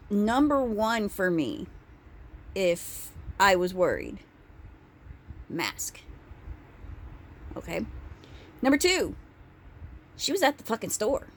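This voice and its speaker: Slow-talking woman telling a story. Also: on the high side, slight background noise. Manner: animated, profane, laughing asides. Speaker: vlogger. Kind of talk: casual storytelling vlog.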